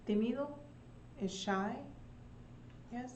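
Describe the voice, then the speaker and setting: Woman English teacher, very slow and deliberate, repeating short phrases; dull, echoey call sound. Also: mid-range voice, a little mellow, slight background noise. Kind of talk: online English lesson for Spanish speakers.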